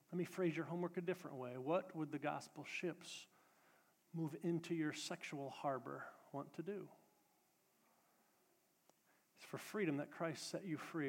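A man's voice: a little high, big-room sound. Man preaching with rising emphasis. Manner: preaching with rising emphatic repetition, then casual announcements. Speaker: pastor. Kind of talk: sermon. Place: church sanctuary.

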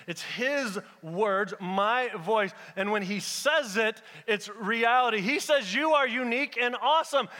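High, squeaky-voiced man preaching. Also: pushed and bright, big-room sound. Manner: repetitive, rhythmic, addresses the congregation directly with humor. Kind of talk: sermon.

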